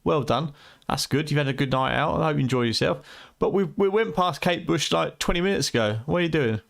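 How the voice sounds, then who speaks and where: Fairly high-pitched and gravelly, this man from the United Kingdom speaks fairly quickly with a British accent. It's late at night on his game stream, and he's tired and losing his voice as he chats, jokes, teases viewers, and swears freely.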